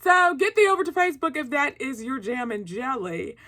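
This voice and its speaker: A woman hosting a movie review vlog, chatty and excitable, using casual slang and getting loud when she is excited. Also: high voice, moderate pace.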